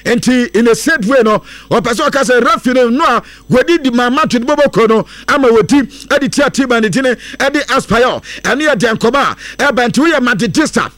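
A man talks through football news with a sing-song lilt. His voice sits very high. The sound is dry and close, with no room around it. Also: fairly quick, hardly any pauses, no echo. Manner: lively, mixes English into Akan, sing-song lilts and bursts of laughter. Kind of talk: casual football news chat.

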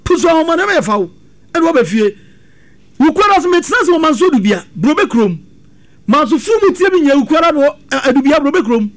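Brief: man, very high and lively pitch, quick delivery, healer selling his services on air. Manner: repeats his phone number slowly, digit group by digit group. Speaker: spiritual healer on a call-in show. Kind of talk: on-air testimony and advertisement.

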